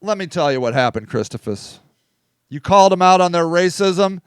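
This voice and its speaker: A man's voice: high voice, lively intonation, moderate pace, clean tone, dry recording, clean studio sound. A man hosting a casual live-stream monologue, blunt and swearing, often asking "okay?". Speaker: host.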